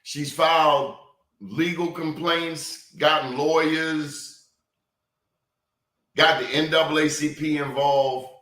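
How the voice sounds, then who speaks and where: Male interview host, emphatic and deliberate, recorded with noticeable room echo. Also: a little high, fairly even intonation, bright, forceful tone. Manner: emphatic, deliberate, repeats words for stress. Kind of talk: hard-hitting interview. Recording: roomy echo.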